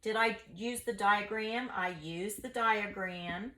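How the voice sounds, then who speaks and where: A woman teacher walks viewers through a recorded math lesson. She talks in a lively, playful way and keeps it chatty. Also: medium pitch, takes it slowly.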